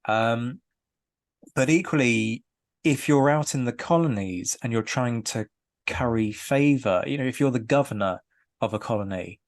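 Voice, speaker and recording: A man's voice: medium pitch, normal speed. A man hosting an interview podcast, asking long, thoughtful questions with hesitant ums. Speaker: podcast host.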